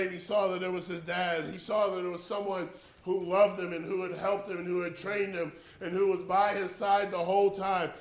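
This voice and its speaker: A man preaching a sermon, telling a story and swinging from quiet narration to loud exhortation. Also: sits high, roomy sound.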